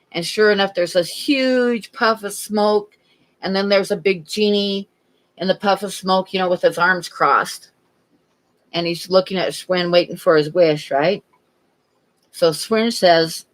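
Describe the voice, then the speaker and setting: Streamer host, casual chat, relaxed, rambling, middle pitch. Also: normal speed, rough recording. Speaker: painting livestream host. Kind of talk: casual chat and joke-telling.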